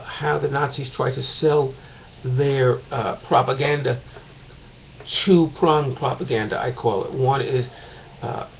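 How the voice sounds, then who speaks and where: A man's voice: mid-range voice, lo-fi sound, a little hiss or hum. A man teaching a course in a casual recorded lecture, talking late at night at home and rambling with many fillers and restarts.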